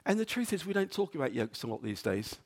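A man preaching a sermon as a pastor, earnest, often repeating words and dropping soft on quotes. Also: fairly high pitch, very animated, quick pace, breathy edge. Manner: earnest, stumbles and repeats words, drops to near-whisper on quotes.

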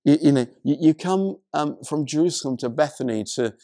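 A male pastor preaching a sermon, retelling a story in an animated way, with many stammered restarts. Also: fairly high pitch, brisk, no room sound, studio quality.

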